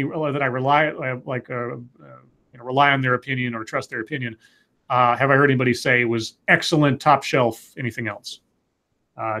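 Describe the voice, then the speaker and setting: A man in his forties with a slightly higher voice co-hosts a casual live show. He reads viewer comments aloud and rambles through his answers, restarting his sentences with stammers. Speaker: co-host. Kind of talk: casual livestream chat reading viewer comments.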